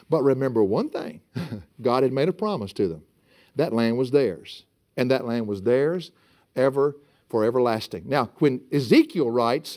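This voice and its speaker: Animated preacher man. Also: on the high side. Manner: animated, builds to emphatic peaks, laughs often. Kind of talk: sermon with scripture reading.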